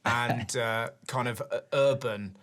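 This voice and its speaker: A man hosting a comedy chat, giggling through quick banter and reading out questions. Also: medium pitch, steady tone, a bit bright. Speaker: host. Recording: noisy recording.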